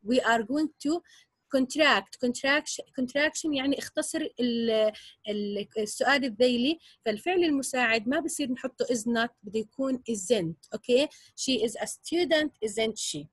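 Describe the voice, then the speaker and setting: A woman's voice: on the high side, racing, no room sound, poor audio. A woman with an Arabic accent teaching an English grammar lesson, explaining step by step and checking understanding with a frequent "okay?".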